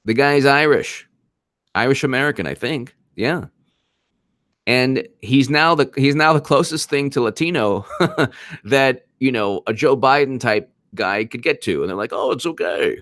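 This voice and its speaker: A man's voice: mid-range voice, a little slow, a bit bright, no room sound, clean studio sound. A man hosting a casual political commentary livestream, rambling, mocking, and reading out chat. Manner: laughs while reading chat. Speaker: livestream host.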